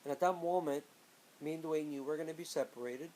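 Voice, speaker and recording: Animated man telling a personal story. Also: fairly high pitch, quick pace, rough recording. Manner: animated, acts out quoted friends in raised voices.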